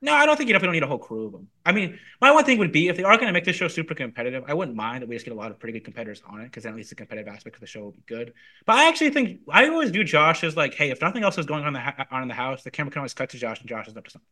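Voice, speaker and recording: Guest man, rattles off fast takes, bright lively delivery, casual podcast chat. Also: a little high. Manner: rapid, animated analysis.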